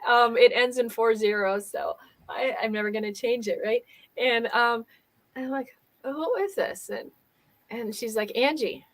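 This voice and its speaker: A woman in a coaching role hosts a casual livestream conversation with a fairly high voice. She tells her stories with animation, acting out other people's lines as she goes. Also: unhurried. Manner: animated storytelling, acting out quoted dialogue. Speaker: host and business coach.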